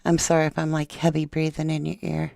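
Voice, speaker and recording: A woman's voice: low voice, monotone, brisk, creaky, dark tone, no echo, clean studio sound. A woman hosting a true crime podcast in a casual, chatty way, talking straight to her viewers and reading a document aloud.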